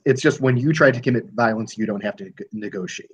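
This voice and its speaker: A man's voice: mid-range voice, quick pace, breathy edge, muffled recording. A man running a tabletop role-playing game, explaining rules with hesitant fillers. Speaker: game master.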